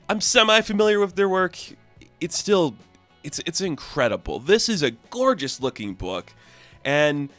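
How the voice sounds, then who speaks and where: A man's voice: medium pitch, a bit bright, dry recording. A man giving a casual, enthusiastic spoken review of a comic book, with lots of filler words.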